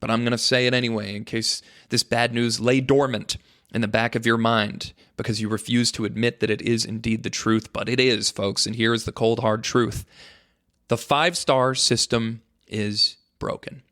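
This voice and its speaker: A man's voice: mid-range voice, little pitch movement, a little fast, fairly bright tone. Rambling, jokey male podcast host. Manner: rambling, jokey, mock-dramatic asides to "folks". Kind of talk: casual solo podcast monologue.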